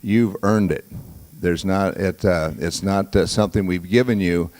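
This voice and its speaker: A man hosting a graduation ceremony, speaking to the class and the audience in a halting way, with many fillers and restarts. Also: low-pitched, a little mellow. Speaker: auction school leader hosting a graduation.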